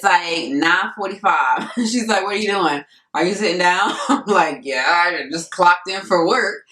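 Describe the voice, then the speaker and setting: A young adult woman telling a story to camera in a casual vlog, animated and laughing often as she acts out what people said. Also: on the low side. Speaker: vlogger. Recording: echoey room, mic at a distance.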